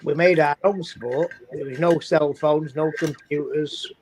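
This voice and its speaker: A man's voice: on the high side, fairly even intonation, a little slow, darkish tone, slight background noise, poor audio. A man with an English accent chatting casually on a video call live stream, often restarting his sentences. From England. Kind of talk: casual chat.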